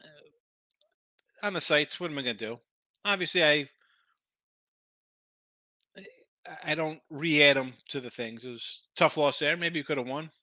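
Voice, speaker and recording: A tired man hosts a late-night betting stream, rattling off brash picks in a bright, forceful voice. He sits close to a dry mic with no room sound, pitched a little high for a man. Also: no room sound. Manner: brash, rapid-fire opinions, talks to chat. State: tired, yawning. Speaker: sports betting show host.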